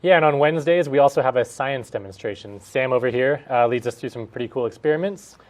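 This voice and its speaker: Fast-talking man co-hosting a homework show. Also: mid-range voice, a little mellow. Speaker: math teacher and show co-host. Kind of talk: live call-in show hosting.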